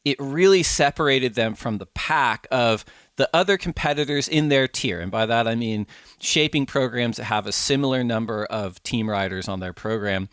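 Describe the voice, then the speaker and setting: A man hosting a ranking segment, with a steady, scripted delivery. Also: mid-range voice, moderate pace, no echo, studio quality. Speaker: show host.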